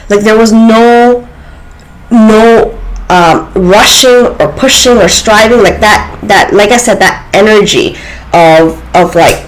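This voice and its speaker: A woman's voice: medium pitch, poor audio. A woman vlogger talking to her viewers in an earnest, reflective way, with many fillers and restarts. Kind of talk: casual spiritual talk to camera.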